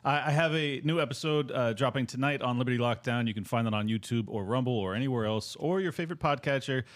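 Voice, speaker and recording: Fast-talking male co-host, wry and brisk, mid-range pitch. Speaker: podcast co-host. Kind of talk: quick podcast outro.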